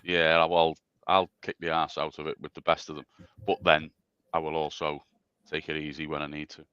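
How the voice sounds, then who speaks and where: A man with a very low voice talks at length in a loose, rambling way, often restarting his sentences. He sounds dry and a little muffled. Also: flat delivery, moderate pace, fairly bright tone, clean tone, dry recording. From England. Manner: rambling, self-deprecating, stammering restarts. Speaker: special guest. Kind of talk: casual chat on a livestream.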